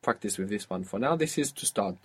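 A man's voice: lowish voice, animated, brisk, husky. A man teaching a guided audio language lesson, patiently asking questions and explaining step by step.

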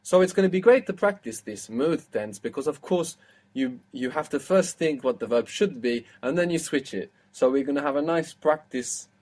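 A man's voice: fairly high pitch, lively intonation, normal speed, darkish tone. A man teaching a language lesson, explaining step by step and quizzing his student.

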